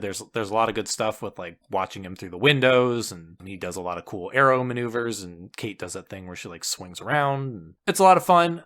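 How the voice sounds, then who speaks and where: A man co-hosts a podcast in relaxed, casual conversation. His voice sits at an ordinary middle pitch. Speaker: podcast co-host. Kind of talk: casual chat.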